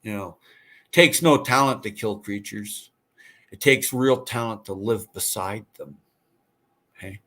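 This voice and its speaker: His voice sits on the low side and is fairly bright; he talks a little slowly, with long pauses. The man is hosting a casual livestream, reading viewer comments and chatting warmly but ramblingly, full of fillers and restarts.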